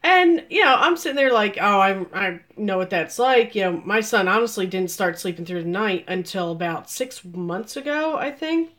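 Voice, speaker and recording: A woman in her forties telling a story on a live video, animated and laughing, with loud exclamations. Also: mid-range voice, normal speed, few pauses. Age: 40s. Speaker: vlogger.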